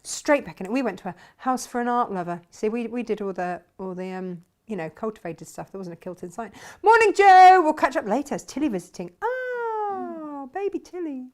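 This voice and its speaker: A woman's voice: a little high, big pitch swings, moderate pace, hardly any pauses, a little mellow. Middle-aged woman, chatty shop live-stream host, reads out comments and laughs a lot. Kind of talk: casual live-stream chat.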